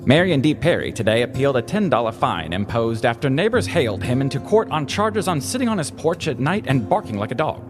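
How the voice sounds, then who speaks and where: A man's voice: medium pitch, big pitch swings, a little fast, few pauses, pitched above the performer's own voice, close to an everyday voice. A man voicing a formal male 1950s radio newscaster, with music playing behind him. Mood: announcing. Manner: formal announcer cadence.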